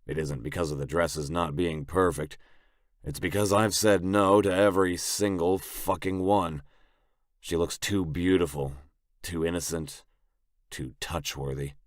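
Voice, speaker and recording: A man reading a first-person audiobook narration in a gruff, blunt, brooding manner, close on the mic. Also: deep voice, steady tone, measured pace, no echo.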